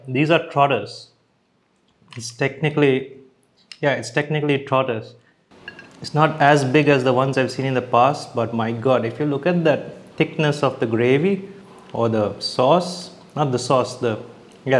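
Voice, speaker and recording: Between bites, a young man reviews the food in a chatty, hesitant way, often starting sentences over and speaking with food in his mouth. He talks at a moderate pace in a medium pitch.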